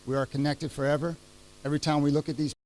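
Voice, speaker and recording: A man's voice: on the high side, level tone, a little mellow, poor audio. Heartfelt middle-aged man giving a speech. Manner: heartfelt, halting, with many restarts and fillers. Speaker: retiring chief master sergeant giving a speech. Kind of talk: retirement ceremony speech. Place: ceremony venue.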